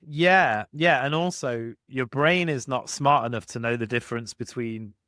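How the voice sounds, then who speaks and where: Animated man co-hosting a chat. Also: mid-range voice, moderate pace, no echo, studio quality. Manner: animated, restarts sentences, acts out anecdotes. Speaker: podcast co-host. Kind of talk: casual conversation.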